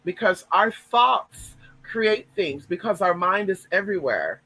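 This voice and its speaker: A man's voice: high-pitched, expressive, a little slow, sharp tone, husky, dry recording, soft background music, low-quality recording. A man giving a casual spiritual talk to his viewers, emphatic and repetitive, often checking in with them as he goes. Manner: emphatic, repetitive, talks straight to viewers with frequent "right?" and "y'all". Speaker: spiritual vlogger.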